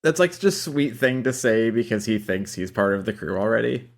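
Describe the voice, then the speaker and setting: A man's voice: fairly low pitch, fairly quick. A man co-hosting a podcast in loose casual chat, swearing freely and laughing as he reacts to the episode. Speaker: podcast co-host.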